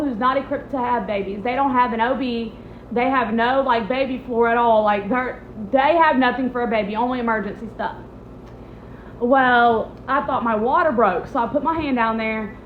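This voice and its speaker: Young woman, high voice, casual storytime, animated quoting, echoey room. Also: a little hiss or hum. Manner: animated, acts out quotes with big pitch jumps. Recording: echoey, slightly muffled room audio.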